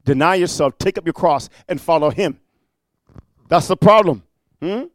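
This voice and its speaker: A man's voice: fairly high pitch, moderate pace, dry recording, studio quality. A man preaching a sermon, emphatic and rhetorical, prodding listeners with repeated "amen?" and "huh?".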